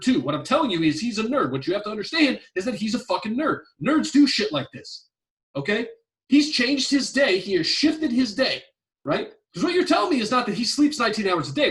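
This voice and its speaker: Male podcast host, high and animated, blunt and profane, a little off-mic. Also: recorded from a distance. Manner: profane, emphatic, repetitive ranting. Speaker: podcast host giving relationship advice. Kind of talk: blunt advice-show rant.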